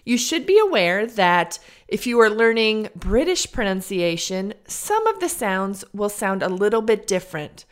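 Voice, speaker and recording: A woman from Illinois with a General American Midwest accent, an English teacher and podcast host giving a careful, deliberate pronunciation lesson. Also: medium pitch, very animated. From Illinois, United States. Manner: careful, deliberate teacher's delivery, drawing out model sounds. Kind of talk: slow, clear pronunciation lesson.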